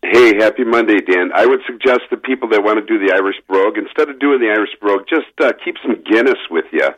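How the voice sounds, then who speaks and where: A man calling in to a talk radio show, talking in an animated, emphatic way over a phone line. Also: lowish voice, fast talker, breathy edge. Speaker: caller. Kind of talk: political call-in radio talk.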